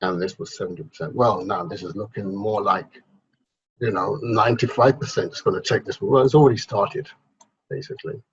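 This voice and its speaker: A man's voice: lowish voice, a little fast, slight background noise. A man, hosting a crypto investment channel and explaining charts in a rambling way, often repeating and correcting himself. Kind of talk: casual explainer at a drawing board. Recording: muffled lo-fi sound.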